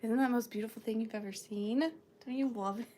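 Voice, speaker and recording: A woman's voice: on the high side, fairly even intonation, fast, mellow, slight background noise. A woman hosting a live sale stream, chatting casually and playfully with viewers.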